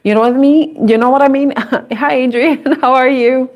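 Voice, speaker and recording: A woman's voice: high-pitched, steady tone, moderate pace. A young adult woman doing a live intuitive tarot reading, chatty and casual, laughing often and swearing freely. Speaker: tarot reader.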